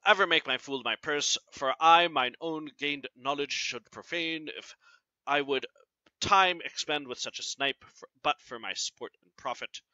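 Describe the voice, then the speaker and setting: A man reading aloud the lines of a scheming, resentful male villain, in a plain, low, soft reading voice with dull lo-fi sound. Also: a little slow, dry recording. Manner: plain read-aloud verse, lower and softer.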